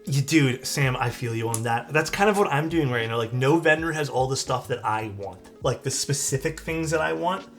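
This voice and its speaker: A man's voice: mid-range voice, moderate pace, hardly any pauses, fairly bright tone. A man with a Canadian accent chatting casually on a live stream, answering viewers' questions about keyboard parts. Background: faint music.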